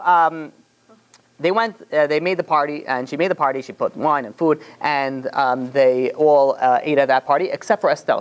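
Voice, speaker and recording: A man, a rabbi, retelling a story in a casual, rambling way, full of "you know" fillers and restarts. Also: on the high side.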